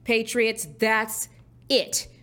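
A woman's voice: on the high side, monotone, extremely slow, a bit bright. Enthusiastic woman hosting a talk show. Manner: enthusiastic, rallying. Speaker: show host. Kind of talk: political talk show chat.

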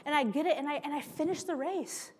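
A woman preaching a sermon, weaving a lively personal story and calling out to her listeners as friends. Her voice sits high and bright in pitch. The sound carries a long reverb from a large hall. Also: quick pace, slight background noise. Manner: animated storytelling, addresses listeners as y'all and friends.

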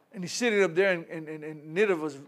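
A man preaching a sermon, retelling a Bible story with laughter, stumbles and repeated words. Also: on the high side. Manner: animated storytelling with laughs and repetitions.

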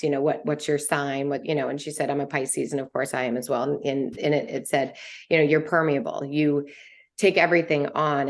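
A middle-aged woman talking on a podcast about a book, emotional and halting, often restarting her sentences. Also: deep voice, darkish tone. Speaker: podcast panelist. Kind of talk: casual podcast book discussion.

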